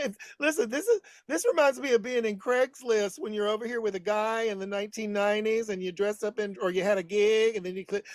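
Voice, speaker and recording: A man's voice: high-pitched, dry recording. A middle-aged man in drag persona, a guest telling bawdy stories in campy casual chat over a video call, calling people honey.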